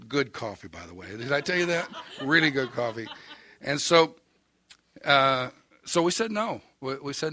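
A man's voice: mid-range voice, very animated, a little slow, sharp tone. An older man with an Oklahoma accent preaching a sermon, telling a story in a folksy, wry, self-mocking way. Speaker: pastor.

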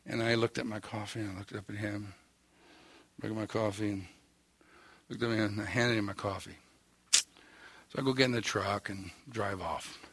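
A man's voice: on the low side, steady tone, normal speed, pauses often, fairly bright tone, slightly rough, no echo. An older man with an Oklahoma accent preaching a sermon, telling a story in a folksy, wry, self-mocking way. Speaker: pastor.

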